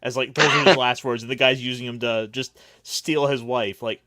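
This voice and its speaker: Guy hosting a chill roundtable, wry asides, mid pitch, dead dry sound. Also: steady tone, moderate pace, hardly any pauses, pushed and bright, dry recording. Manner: wry recapping with mocking quoted asides. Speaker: podcast host. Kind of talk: casual roundtable discussion.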